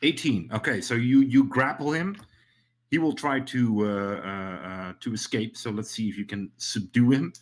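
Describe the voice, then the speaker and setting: Man, game master, casual and halting, mid pitch. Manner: hesitant, many ums and restarts. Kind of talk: running a tabletop game, casual.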